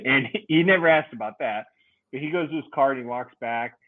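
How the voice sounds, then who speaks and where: A man's voice: mid-range voice, fairly quick. Guy rambling through a fishing story, swears a lot, sounds tinny like over a phone. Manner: rambling, swears, laughs often. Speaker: podcast co-host. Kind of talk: casual storytelling chat.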